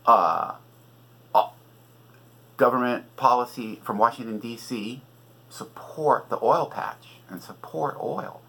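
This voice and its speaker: A man's voice: medium pitch, a bit bright, low-quality recording. A middle-aged man from California hosting a podcast, delivering an agitated, profane political rant with sarcastic asides. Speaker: podcast host and author. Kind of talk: ranting political monologue.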